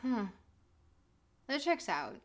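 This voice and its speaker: A woman's voice: a little high, slow. Laughing woman streamer reading chat. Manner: animated, reads chat aloud, bursts into laughter and mock outrage. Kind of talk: casual game stream commentary.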